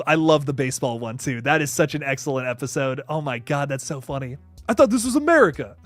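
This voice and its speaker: A man chats casually as a horror news host, reading viewer comments and rambling with lots of restarts. His voice sits a little high for a man. It is recorded dry and close, with faint music in the background. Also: no echo. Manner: animated, rambling, frequent restarts and laughs.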